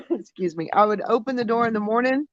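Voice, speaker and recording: A woman's voice: a little high, animated, moderate pace, dry recording. Chatty woman who laughs easily. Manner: laughs easily, friendly back-and-forth. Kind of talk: casual chat. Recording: dull lo-fi dry audio.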